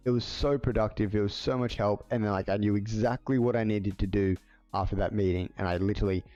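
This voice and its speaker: A man's voice: lowish voice, warm tone, dry recording. A man chatting casually on a livestream, rambling along with lots of filler words. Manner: rambling, filler-heavy with many "like"s. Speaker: livestreamer and video editor. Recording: slightly dull audio with faint music.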